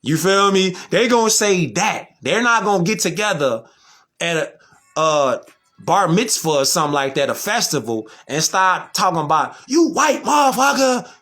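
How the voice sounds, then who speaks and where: A man holds forth in a casual monologue, his high, bright voice swinging widely as he hammers his points. He talks in slang and keeps throwing out rhetorical questions. Soft music plays behind him. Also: expressive, moderate pace. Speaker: vlogger.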